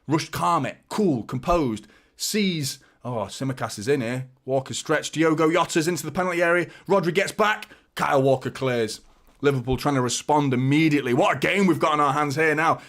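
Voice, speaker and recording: Bloke doing a live footy watchalong, chatty fan commentary, gets loud and sweary at goals. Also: male voice, mid-range voice. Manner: chatty, addresses viewers as mate. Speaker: watchalong host. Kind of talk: live match commentary and chat.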